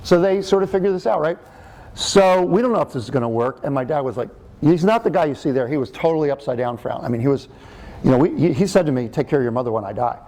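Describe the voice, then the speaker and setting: A man's voice: a little high, quick pace, warm tone. A middle-aged man giving a talk, telling a personal story in a chatty, joking way with frequent fillers and restarts. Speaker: speaker and author.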